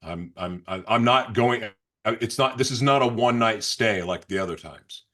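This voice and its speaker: Husky man telling an emotional testimony. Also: on the low side, bright, forceful tone. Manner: halting, with frequent restarts and re-enacted outbursts. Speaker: interview guest.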